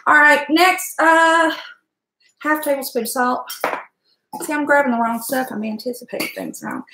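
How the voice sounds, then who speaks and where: A woman's voice: high-pitched, big pitch swings, moderate pace, pushed and bright, roomy sound, a little hiss or hum. A middle-aged woman, chatting and rambling to her viewers while she cooks in her home kitchen. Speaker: cooking vlogger. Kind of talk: casual chat while cooking.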